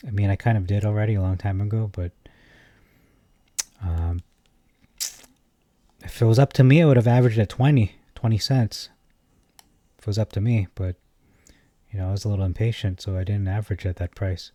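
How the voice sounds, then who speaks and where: A man with a low, mellow voice hosts a casual stock commentary. He thinks aloud with plenty of fillers and lets out exasperated, animated asides as he reads viewer comments. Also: brisk, long pauses. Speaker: stock market video host. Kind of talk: casual commentary reading chat.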